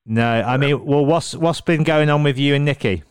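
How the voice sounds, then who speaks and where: Male interviewer, eager and encouraging, smooth low voice, dry sound. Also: moderate pace, dry recording. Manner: enthusiastic, encouraging questions, laughs along. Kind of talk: casual interview.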